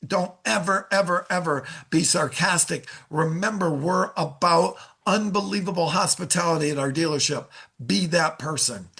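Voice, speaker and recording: A middle-aged man coaches salespeople in an upbeat, encouraging way, sometimes acting out phone calls. His voice sits a little high for a man, with a gravelly, husky texture. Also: moderate pace, pushed and bright. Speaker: sales trainer. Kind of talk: sales training lesson.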